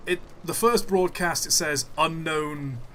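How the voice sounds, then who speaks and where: A man's voice: mid-range voice, lively intonation, unhurried, pushed and bright, a little hiss or hum. A young man, commenting casually as he plays a game on a live stream and drifting into long musing asides. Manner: rambling, musing aside while playing.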